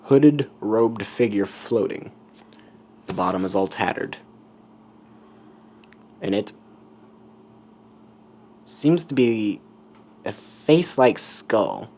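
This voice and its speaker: A man's voice: on the low side, animated, slow pace, long pauses, dark tone. A man telling a fan story in a casual, rambling way, with self-correcting asides. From United States.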